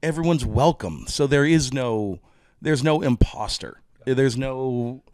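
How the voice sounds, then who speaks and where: A man's voice: medium pitch, slow pace, a little mellow, no room sound, clean studio sound. A man with a Texan accent, a drummer guesting on a podcast, talking candidly and rambling with lots of swearing and restarts. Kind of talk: casual conversation.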